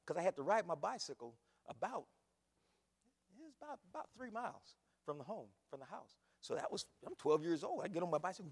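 Pastor, male, fairly high voice, emphatic repetitive preaching, long church-hall reverb. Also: sing-song, fairly quick, creaky, husky. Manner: emphatic, repetitive preaching with big swings in loudness. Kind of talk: sermon.

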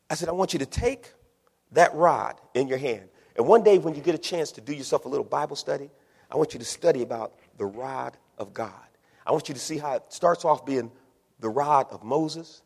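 A man preaching in a rhythmic, repetitive style, his voice climbing from low asides into ringing shouts. It sits a little high for a man and carries the long reverb of a large sanctuary. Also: a little fast, gravelly, breathy edge. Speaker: pastor. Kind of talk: sermon.

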